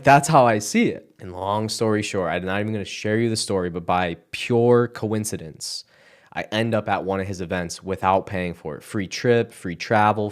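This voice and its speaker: A young man giving a halting, emotional personal testimony, close to tears, with casual fillers and sighs. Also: fairly low pitch. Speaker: content creator sharing his testimony.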